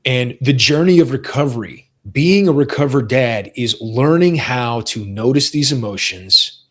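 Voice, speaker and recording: A man's voice: medium pitch, animated, unhurried, a bit bright. A man hosting a podcast in casual conversation, talking earnestly and repeating phrases for emphasis. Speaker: podcast host.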